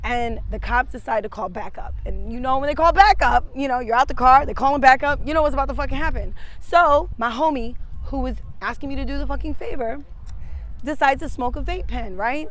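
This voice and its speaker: Animated high-voiced woman telling a story. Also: brisk. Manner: profane, animated, slangy. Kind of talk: casual street-interview storytelling.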